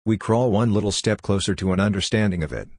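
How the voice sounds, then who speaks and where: A man reading the part of a wise, tender condemned male prisoner who speaks gently and philosophically. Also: on the low side, fast, dry recording, studio quality. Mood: soothing.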